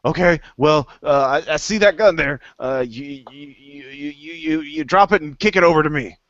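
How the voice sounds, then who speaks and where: A man voicing a ragged, unstable old man who shouts in a fast panic. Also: fairly high pitch, very animated, gravelly, dry recording, dull audio, pitched above the performer's own voice, heavily acted. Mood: nervous.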